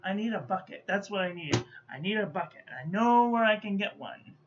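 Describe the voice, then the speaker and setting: A woman's voice: mid-range voice, lively intonation, brisk. A woman giving a casual stationery review, muttering to herself and playfully scolding as she goes. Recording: dull lo-fi audio with faint background noise.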